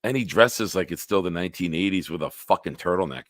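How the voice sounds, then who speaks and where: A man's voice: sits low, lively intonation, fast, no room sound, studio quality. A man hosting a casual live-stream sports talk show, ranting with lots of profanity and answering chat comments.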